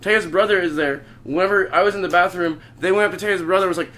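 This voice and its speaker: A man's voice: high voice, fast talker, hardly any pauses, a bit bright. A young man from Oklahoma hosting a podcast, telling a long story in casual chat, rambling and swearing constantly. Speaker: podcast host.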